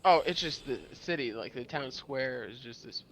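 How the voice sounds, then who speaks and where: A man's voice: mid-range voice, expressive, moderate pace, fairly bright tone, a little hiss or hum. An American man telling rambling, profane stories in casual chat on a gaming stream. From United States. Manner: rambling storyteller, loose and profane.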